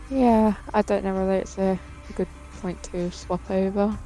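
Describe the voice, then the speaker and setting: A woman's voice: mid-range voice, fairly even intonation, moderate pace, hardly any pauses, dark tone, faint music behind, low-quality recording. A woman playing in a tabletop game, chatting casually and hesitantly. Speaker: player.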